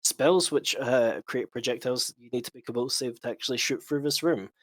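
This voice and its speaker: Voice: mid-range voice, brisk, no echo. Game master narrating rules and scenes. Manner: explanatory, with frequent fillers.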